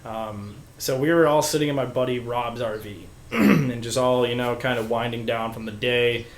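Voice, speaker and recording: A man's voice: medium pitch, steady tone, normal speed, slight background noise. A young man, a podcast guest, telling a wild story casually, swearing freely and acting out the voices of the people in it. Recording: echoey room.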